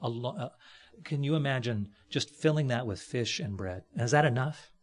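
A man's voice: mid-range voice, moderate pace. A man preaching a conversational sermon from a church platform, folksy, with joking asides and frequent fillers.

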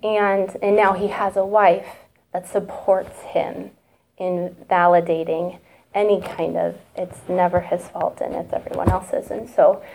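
A woman's voice: fairly low pitch, level tone, measured pace, gravelly, a little mellow, a little hiss or hum. A woman in her thirties giving a candid, emotional personal testimony at church, chatty and full of asides.

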